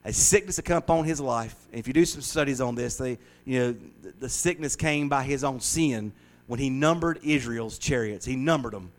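A middle-aged man preaching an informal sermon and Bible study, folksy and conversational, swinging from hushed asides to loud, lively exclamations. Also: medium pitch, moderate pace. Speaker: pastor.

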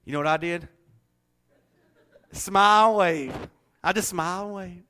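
High, bright preacher. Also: male voice, unhurried, smooth. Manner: folksy, animated storytelling with laughter. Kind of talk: sermon.

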